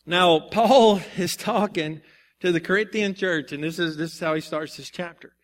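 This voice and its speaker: In a high voice at normal speed, a male preacher delivers a sermon, first sharing a personal story and then reading and explaining scripture in an animated, conversational way.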